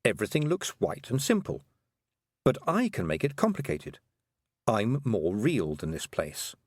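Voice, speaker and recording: A man voicing a thoughtful, sharp-minded young girl who muses slowly. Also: lowish voice, huge pitch swings, dry recording, clean studio sound, heavily acted. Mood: musing. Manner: musing, slow.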